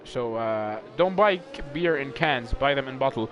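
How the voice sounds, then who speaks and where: A man commentating a sim racing league live, excitable and rambling, stumbling over words when excited. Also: medium pitch, normal speed, faint music behind.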